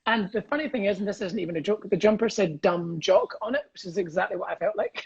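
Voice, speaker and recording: A middle-aged Scottish man, a comedian, telling cheeky anecdotes over a video call, quick and giggly, acting out voices in his stories. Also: high voice, highs cut off, slight background noise. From Scotland. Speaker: comedian guest. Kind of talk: casual storytelling chat.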